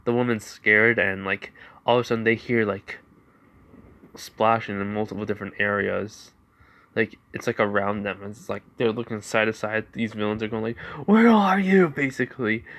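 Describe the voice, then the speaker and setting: A man's voice: lowish voice, level tone, moderate pace, bright, forceful tone. A young man casually improvising a fan fiction story, rambling with lots of fillers. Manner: rambling, many fillers like 'like'.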